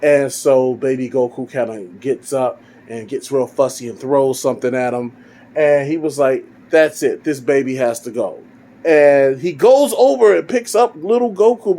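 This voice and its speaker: A man's voice: on the high side, lively intonation, moderate pace, dark tone. Rambling man telling a story. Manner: rambling, with fillers and restarts. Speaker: fan fiction storyteller. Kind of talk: casual storytelling.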